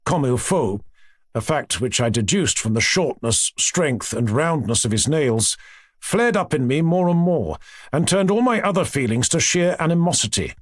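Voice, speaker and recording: Reading a classic novel aloud as a scripted narration, a male audiobook narrator tells the story in an expressive, measured way. His pitch is fairly high, and the studio-quality recording is dry.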